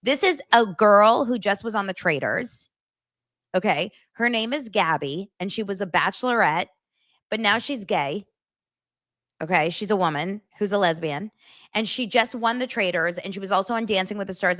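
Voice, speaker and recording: A woman hosting a casual chat podcast, telling stories quickly and excitedly, laughing often. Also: fairly low pitch, dry recording, clean studio sound. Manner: excitable, fast storytelling with lots of laughs. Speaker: podcast host. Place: home studio set.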